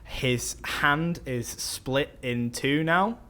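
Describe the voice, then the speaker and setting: A man's voice: medium pitch, extremely slow, bright, forceful tone. A man casually recapping a film's plot on a podcast, rambling with fillers and swearing. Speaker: podcast host.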